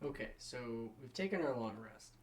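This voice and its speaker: A man's voice: medium pitch, lively intonation, normal speed. Eager man playing a tabletop game. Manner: eager, chatty, clears throat. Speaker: player. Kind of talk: casual tabletop gaming chat.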